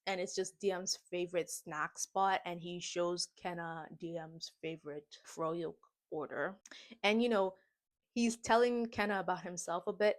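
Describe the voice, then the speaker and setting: Animated young woman recapping a movie. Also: mid-range voice. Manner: animated, slangy, dramatic retelling with comic asides. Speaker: movie reaction vlogger. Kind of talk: casual movie recap and reaction.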